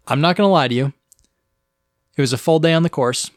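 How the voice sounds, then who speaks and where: A man's voice: on the high side, brisk, no room sound, clean studio sound. A young man co-hosting a podcast, telling a story in casual chat and often restarting his sentences. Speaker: podcast co-host. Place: Boston area.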